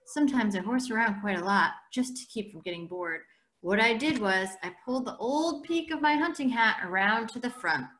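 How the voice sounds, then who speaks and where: A woman English teacher reading a novel aloud for her class in a steady, conversational way. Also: on the high side, moderate pace.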